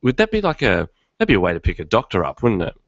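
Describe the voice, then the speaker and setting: Man with a cold, deep voice, lively pitch, dry muffled sound, casual joking host. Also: fast, dry recording. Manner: joking, rambling. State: has a cold. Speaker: podcast co-host. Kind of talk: casual chat.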